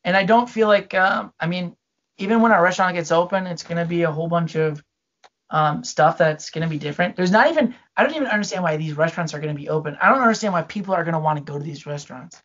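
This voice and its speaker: A man's voice: on the high side, fast, a bit bright. Man venting with rambling profanity, lo-fi. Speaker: restaurant worker. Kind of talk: casual chat.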